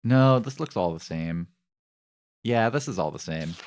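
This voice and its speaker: A man's voice: lowish voice, expressive, measured pace, a little mellow, slight background noise. A male streamer giving casual, joking commentary while playing a game, rambling and reading game text aloud. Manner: repeats phrases in shifting voices.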